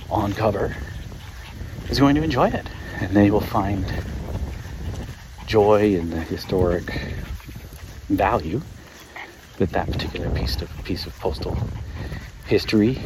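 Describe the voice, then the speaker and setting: Very low-voiced man rambling on a walk. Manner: chatty, laughs often, many fillers. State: out of breath while walking. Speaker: podcast host. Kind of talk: casual rambling monologue. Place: outdoors walking a dog. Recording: outdoor field recording with noise. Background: dog and outdoor ambience.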